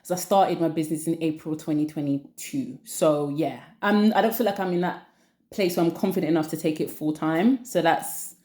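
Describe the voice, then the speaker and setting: A woman's voice: low-pitched, moderate pace, warm tone. A woman chatting casually to camera as a vlogger, rambling and repeating phrases for emphasis. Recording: roomy echo.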